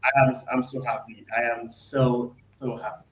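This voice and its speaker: A hoarse man calling in as a guest on a fan show. He sounds elated, keeps repeating himself and talks haltingly with many ums. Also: mid-range voice, little pitch movement, reverberant, low-quality recording. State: hoarse from screaming. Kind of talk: casual chat.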